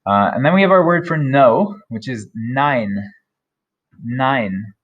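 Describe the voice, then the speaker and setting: A man teaching German vocabulary, repeating each word slowly and carefully. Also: medium pitch, very animated, muffled recording. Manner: slow, careful modeling of German words. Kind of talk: vocabulary lesson.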